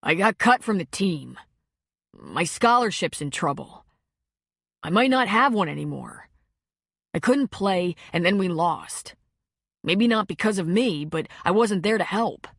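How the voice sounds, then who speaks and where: A woman's voice: lowish voice, lively intonation, measured pace, gravelly, a bit bright, no echo, clean studio sound, heavily acted. A woman reading an audiobook, voicing a remorseful young man who pleads and apologizes to his ex. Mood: pleading.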